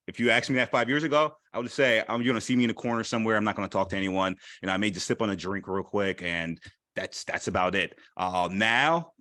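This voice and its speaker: A man talks candidly at an event, his voice mid-pitched and lively, often repeating a phrase to drive it home. The sound is dry and close, with little room around it. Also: dry recording. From Haitian heritage. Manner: animated, repeats phrases for emphasis. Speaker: panel speaker. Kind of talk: candid personal talk.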